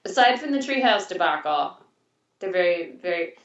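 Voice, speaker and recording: A woman's voice: lowish voice, lively intonation, normal speed, far from the mic. A woman in her thirties chatting casually on a video call from her new house, rambling and laughing often. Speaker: podcast co-host. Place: new house, showing the yard. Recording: muffled, roomy, from off the mic.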